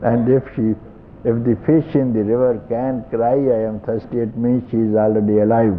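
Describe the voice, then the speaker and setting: An older man with an Indian English accent giving a slow, repetitive satsang talk as a spiritual teacher, often chuckling softly. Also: medium pitch, steady tone, slight background noise. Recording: tinny lo-fi archival tape.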